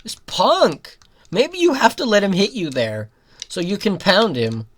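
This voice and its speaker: Giggly rambling gamer, lively pitch. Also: measured pace. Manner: rambling, giggly, with sudden loud outbursts at the game. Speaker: gaming commentator. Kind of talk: casual let's-play commentary.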